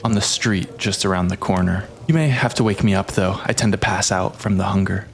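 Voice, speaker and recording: A man playing a shifty, down-on-his-luck bard in a tabletop game, with a low voice and smooth, pious talk. He pleads for coin and lies easily when questioned. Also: fairly even intonation, brisk. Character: shifty, destitute male bard devoted to a goddess.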